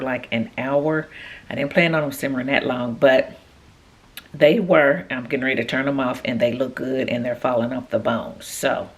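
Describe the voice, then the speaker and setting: A woman with a notably low, deep voice talks through her cooking in a casual, chatty vlog. She speaks straight to her viewers from her home kitchen, with homey asides as she goes. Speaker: vlogger.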